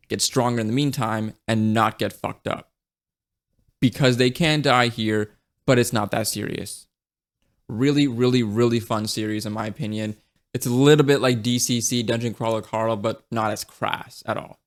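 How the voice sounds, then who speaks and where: A man talking casually and enthusiastically about books, swearing freely and dropping lots of "like" and "right?" as he goes. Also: mid-range voice. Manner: frequent fillers and tag questions. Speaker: book reviewer. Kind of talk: casual chat.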